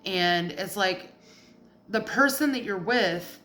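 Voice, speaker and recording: A woman's voice: medium pitch, slow pace, sharp tone, a little hiss or hum. A woman giving a casual tarot reading, blunt and profane, getting heated as she goes. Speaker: tarot reader.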